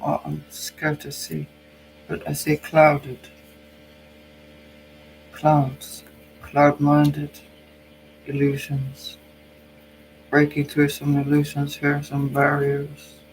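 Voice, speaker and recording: A man's voice: on the high side, a little hiss or hum, low-quality recording. A Norwegian man with a cold, speaking English as a second language, who muses hesitantly and thinks aloud while giving a tarot card reading. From Norway. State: has a cold. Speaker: psychic channel host.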